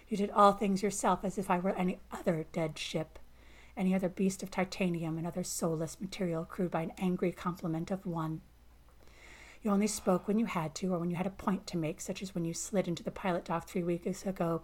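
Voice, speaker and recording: A woman narrating a first-person science fiction story in a calm, measured way. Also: lowish voice.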